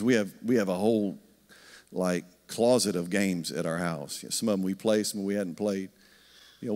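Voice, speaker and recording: A man, preaching a conversational sermon and telling stories while asking the congregation questions. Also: mid-range voice. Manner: storytelling, animated, asks the congregation questions. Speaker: pastor. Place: church sanctuary. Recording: long hall reverb.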